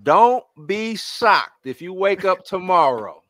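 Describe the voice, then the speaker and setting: A man's voice: sits high, big pitch swings, slow, fairly bright tone, no room sound, clean studio sound. A man co-hosting a casual podcast, teasing and emphatic in his banter. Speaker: podcast co-host.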